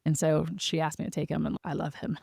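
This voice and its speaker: Chatty woman with a gravelly edge. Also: sits low, flat delivery, quick pace, a little mellow, no echo, studio quality. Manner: chatty, many "like" fillers. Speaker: animal shelter guest. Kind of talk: casual interview storytelling.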